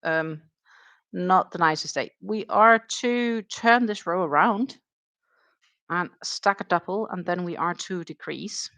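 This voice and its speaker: A woman with a fairly low, fairly bright voice speaks slowly with a Danish accent while hosting a casual crochet stream, in a dry recording. Chatty and dryly sarcastic, she thinks aloud as she counts stitches.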